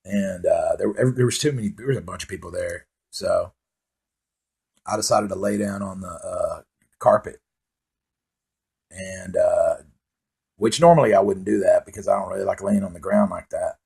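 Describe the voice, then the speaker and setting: A man's voice: sits low, a little slow, gravelly, pauses often, warm tone, slightly rough. A man doing rambling, profane stand-up storytelling, full of fillers. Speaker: comedian. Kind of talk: stand-up monologue.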